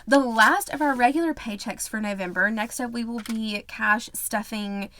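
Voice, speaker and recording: Bubbly, chatty woman with a fairly high voice. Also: moderate pace, a bit bright. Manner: upbeat and chatty, repeating words for emphasis; laughs often. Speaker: budgeting channel host. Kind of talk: casual chat to camera.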